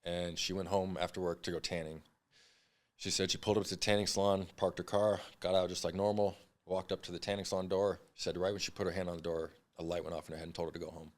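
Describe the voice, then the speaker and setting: A man's voice: sits low, flat delivery, fast talker. A man in his thirties, a podcast guest, telling his story bluntly with frequent swearing. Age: 30s. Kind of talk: candid storytelling interview.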